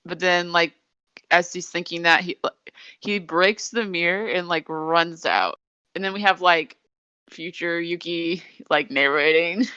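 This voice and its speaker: A woman's voice: lowish voice, steady tone, unhurried, pushed and bright, clean tone, no room sound, muffled recording. A woman podcast host in casual chat, recapping an episode in a rambling storytelling way with lots of fillers. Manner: chatty storytelling with many fillers.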